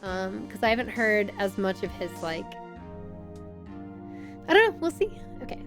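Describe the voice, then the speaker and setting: A young woman streamer chatting casually and excitably with her viewers, often saying "like" as she talks. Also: mid-range voice, normal speed, long pauses, over music. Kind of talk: casual live-stream chat.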